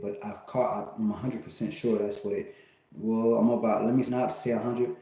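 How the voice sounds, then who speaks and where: A low-voiced man rambles through a casual livestream monologue, swearing freely and trailing off into fillers and false starts. His tone is dark and mellow. The sound rings with heavy reverb from a very echoey room. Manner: rambling, profane, full of fillers and restarts. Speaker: livestream host.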